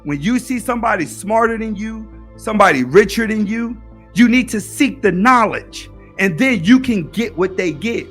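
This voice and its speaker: High-pitched young guy preaching advice to the camera, repeats himself a lot. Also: lively intonation, normal speed, fairly bright tone, soft background music. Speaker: YouTube commentator. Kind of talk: casual monologue commentary.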